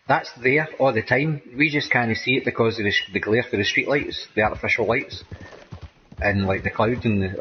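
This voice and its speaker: A man's voice: mid-range voice, highs cut off, a little hiss or hum. A man with a Scottish accent chatting casually while playing a game, rambling and tagging nearly every sentence with "man" or "mate". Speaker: gameplay streamer. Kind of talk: casual gameplay chat.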